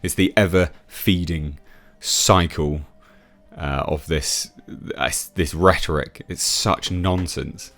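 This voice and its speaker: This YouTube reviewer from England has a deep, fairly bright voice and speaks slowly with fairly even intonation. Reading out an article, he ridicules it with scoffing, opinionated remarks, frequently laughing and starting over.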